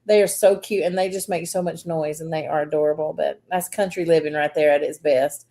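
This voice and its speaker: A woman's voice: deep voice, a little fast. Chatty woman co-host. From Southern US. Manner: chatty storyteller, animated when telling stories, laughs often. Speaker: podcast co-host. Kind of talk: casual chat.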